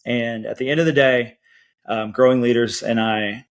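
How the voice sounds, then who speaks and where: A man's voice: medium pitch, moderate pace. A man in his forties from Georgia, guest on a podcast, telling stories and acting out what others said. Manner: lively anecdotes with acted quotes. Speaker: podcast guest, band educator. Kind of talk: storytelling interview chat.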